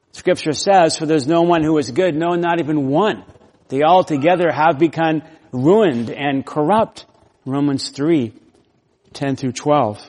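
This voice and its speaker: A man's voice: a little high, a little mellow. Emphatic preacher man in a reverberant hall. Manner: emphatic, leans hard on key words. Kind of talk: expository sermon.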